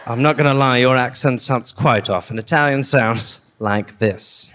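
A man's voice: medium pitch, moderate pace, fairly bright tone, a little hiss or hum, voice pushed down, close to an everyday voice. A male comedian playing a chatty, boastful English army deserter who pretends to be from Kentucky, in a put-on English accent. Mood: smug. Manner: chatty, boastful, mock-posh. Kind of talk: improvised comic bit on a live podcast.

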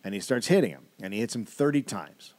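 A man's voice: lowish voice, lively intonation, brisk, a little mellow. A man co-hosting a comedy podcast, casually retelling a historical story with wry asides.

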